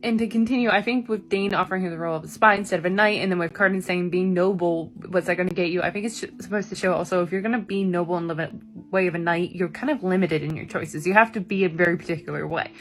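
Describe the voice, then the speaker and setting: A woman's voice: lowish voice, fairly even intonation, fast talker, soft background music. A young woman giving a casual, enthusiastic literary analysis of a novel, talking chattily with lots of "like" and "you know". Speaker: book reviewer.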